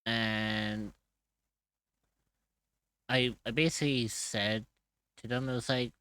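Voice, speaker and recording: A man's voice: mid-range voice, fairly even intonation, takes it slowly, pauses often, a bit bright, smooth, dry recording. A man streaming while drawing, chatting casually, swearing freely and laughing often.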